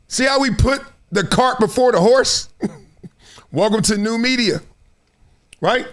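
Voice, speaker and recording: A middle-aged man hosting solo sports commentary, animated and fond of acting out quotes in other voices. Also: high-pitched, a little slow.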